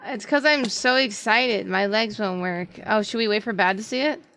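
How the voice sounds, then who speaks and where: Bright-voiced young woman streamer. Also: mid-range voice, moderate pace, clean tone. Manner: dramatic, squeamish exclamations. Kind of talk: casual live game-stream chat. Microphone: desktop mic on voice chat.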